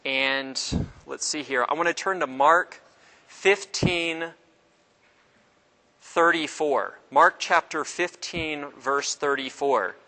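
Bright-voiced man giving a casual lecture. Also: on the high side, poor audio. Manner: casual, halting, with many fillers and restarts. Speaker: teacher. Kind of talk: informal classroom lecture.

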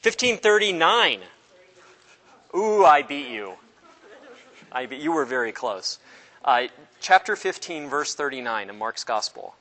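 A man gives a relaxed Bible lesson to a class, joking with them and slipping into quick acted voices. His voice sits a touch high and rings bright. The sound carries a long reverb, as if in a large hall. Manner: chatty, joking, acts out voices. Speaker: Bible teacher. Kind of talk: casual classroom lecture.

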